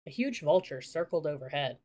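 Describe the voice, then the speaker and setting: Audiobook narrator: woman, lowish voice, steady children's storytelling. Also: brisk.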